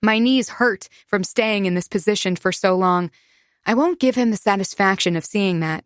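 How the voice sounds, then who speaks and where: A woman's voice: mid-range voice, moderate pace, dry recording, clean studio sound. A woman narrating a first-person romance audiobook in an intimate, confiding way.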